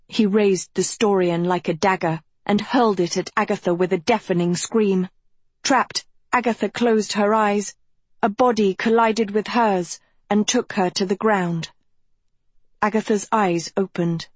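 Slow, husky woman narrating a dark tale. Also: medium pitch, fairly even intonation, no echo. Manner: slow, measured dramatic storytelling. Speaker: audiobook narrator. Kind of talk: scripted narration.

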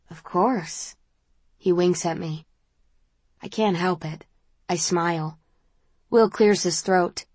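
An audiobook narrator, a woman with a lower-sitting voice, reads a first-person novel aloud in a calm, measured way. The recording is close and completely dry.

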